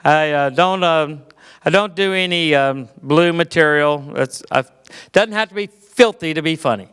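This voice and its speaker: A man's voice: a little high, a little slow, a bit bright, clear, resonant tone. A middle-aged man with a Southern US accent, from Georgia, telling clean stand-up stories in a folksy, self-deprecating way with fillers. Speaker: comedian. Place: church hall. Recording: echoey hall.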